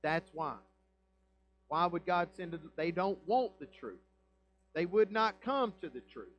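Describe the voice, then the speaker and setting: Man, pastor, high-pitched, emphatic sermon, rhetorical questions. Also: expressive, a little slow, rough recording. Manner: emphatic preaching with rhetorical questions and swings in loudness. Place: church sanctuary.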